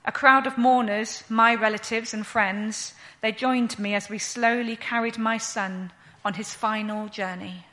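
Woman playing a bright-voiced grieving widow. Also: a little high, steady tone. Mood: sorrowful. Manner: slow, earnest storytelling. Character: grieving widowed mother, later overjoyed. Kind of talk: dramatic first-person monologue.

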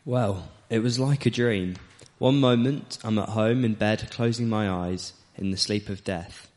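A man's voice: on the low side, a little slow, a little mellow, natural voice. A man playing a young man raised from the dead, telling his story with wonder in a first-person monologue. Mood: amazed. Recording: long hall reverb.

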